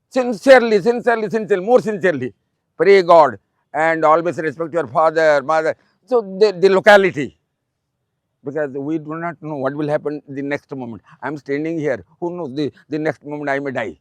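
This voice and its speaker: A man in his eighties with an Odia accent, a retired principal giving a fatherly, repetitive motivational speech to students, pausing often with um. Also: a little high, no echo. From Odisha, India. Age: 80s.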